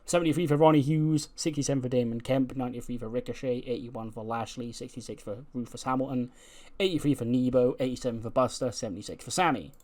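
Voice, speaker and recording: A man's voice: mid-range voice, fast talker, darkish tone. A man giving casual, chatty let's-play commentary on a game, swearing now and then. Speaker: gaming video creator.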